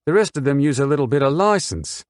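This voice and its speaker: An indignant mother under cross-examination, as a male narrator puts her on, answering with sharp scorn in a lifted, higher voice. She argues point by point, insistent and precise. The sound is dry and close, with no room around it. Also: expressive, fast talker, no room sound, lightly acted. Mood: scornful. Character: woman, a mother on the witness stand, firm and scornful.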